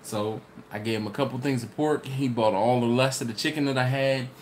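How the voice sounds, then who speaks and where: Here the Maryland barbecue streamer sounds medium-pitched and steady, talking briskly over a faint hiss or hum. He fields chat questions casually, rambling through stories and laughing frequently.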